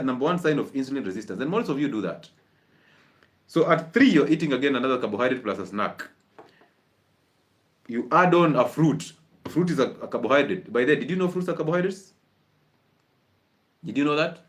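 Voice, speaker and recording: A man lectures an audience on food and health in an animated, conversational way. His voice sits at an ordinary middle pitch, and he keeps throwing rhetorical questions at the listeners and chuckling between points. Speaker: health and wellness speaker. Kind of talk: lively health talk to an audience.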